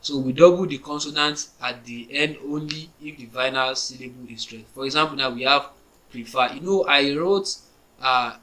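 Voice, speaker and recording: Bright-voiced man teaching spelling rules. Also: medium pitch, poor audio. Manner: spells words letter by letter, restarts often, asks "you understand?". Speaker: English teacher. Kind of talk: explaining grammar on a whiteboard.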